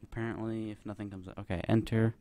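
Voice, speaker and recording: A man's voice: on the low side, level tone, fast, mellow. A young man giving nervous, rambling commentary while playing a horror game, full of fillers. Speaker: gameplay commentator. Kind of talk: let's play commentary.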